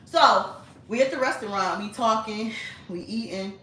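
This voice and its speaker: A woman's voice: on the high side, normal speed, sharp tone, slight background noise. Blunt woman in an echoey room. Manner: blunt, chatty, frequent swearing and laughter. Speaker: vlogger. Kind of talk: casual storytelling. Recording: echoey room, mic at a distance.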